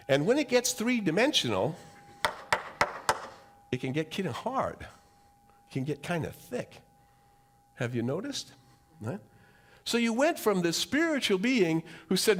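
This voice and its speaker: A man giving a sermon as a guest speaker, with dramatic, drawn-out emphasis and questions put to the audience. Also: high voice, huge pitch swings. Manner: dramatic, drawn-out emphasis with wide swings in loudness; preacherly, asks the audience questions. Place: church hall.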